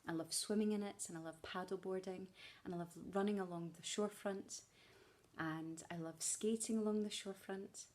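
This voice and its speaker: A woman's voice: fairly low pitch, a little mellow. A woman from Scotland with a Scottish accent, a primary school teacher chatting playfully to her future pupils in a welcome video while out on a walk. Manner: playful, chatty, fond of puns. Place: outdoors on a walk.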